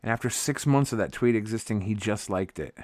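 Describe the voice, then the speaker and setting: This man's voice is on the low side with a darkish tone, and he talks fairly quickly. In a dry, clean studio recording, he's tired and irritable during a casual livestream chat, rambling, swearing and mocking himself for viewers.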